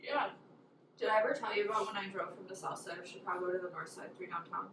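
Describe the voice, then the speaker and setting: A woman co-hosting a casual hot wing interview at home, talking in an animated, ranting way. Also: mid-range voice, fast talker, noisy background. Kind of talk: casual chat. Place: home room. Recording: echoey room, mic far off.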